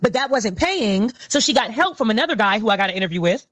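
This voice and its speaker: A woman's voice: fairly high pitch, expressive, fast, fairly bright tone, dry recording. A woman on a reaction panel telling gossip in a casual, storytelling way.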